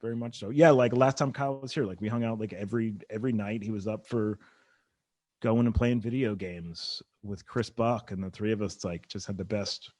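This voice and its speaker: A man's voice: fairly low pitch, steady tone, a little fast, darkish tone, dry recording. A man guesting on a comedy podcast, chatting casually and rambling with many restarts and "like"s.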